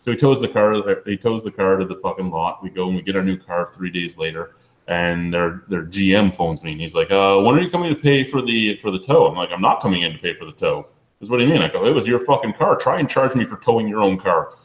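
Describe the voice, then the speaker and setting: A man telling a profane, animated story among friends on a beer review show. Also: low-pitched, fast talker, echoey room, poor audio. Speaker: beer review podcast regular.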